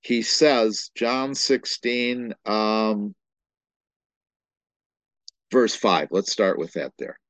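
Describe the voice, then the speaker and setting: A man's voice: on the low side, drawn-out words, pauses often, a bit bright, no room sound. A man preaching a sermon, emphatic and repetitive, quoting scripture and often restarting his phrases.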